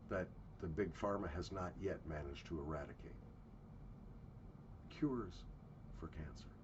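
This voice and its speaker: A man's voice: on the low side, a little mellow. A man telling travel stories in a blunt, profane ranting monologue while walking outdoors. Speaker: travel vlogger. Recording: muffled with faint ambient noise.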